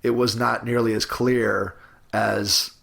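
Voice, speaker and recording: A man hosting a podcast interview, relaxed, laughing along and asking the guest to go on. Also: lowish voice, takes it slowly, gravelly. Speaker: podcast host. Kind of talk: casual interview.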